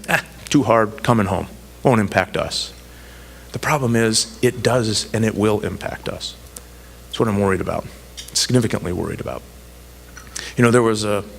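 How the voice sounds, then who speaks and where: A man with a low, gravelly voice gives a public speech. He tells personal anecdotes with dry, self-deprecating humor. He drives his points home with repeated, emphatic phrases. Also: fairly bright tone. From United States. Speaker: congressman giving a speech.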